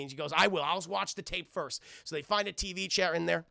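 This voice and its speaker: A man reviewing a cartoon episode live for his stream chat, acting out the characters' lines in quick voices and swearing freely. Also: fairly high pitch, steady tone, vocal fry, bright, forceful tone, no echo, studio quality. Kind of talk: animated live-stream recap.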